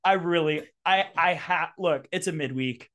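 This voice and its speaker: A woman's voice: fairly low pitch, moderate pace, fairly bright tone. A woman co-hosting a sports podcast in casual chat, teasing and playfully exasperated. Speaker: podcast co-host and broadcast analyst.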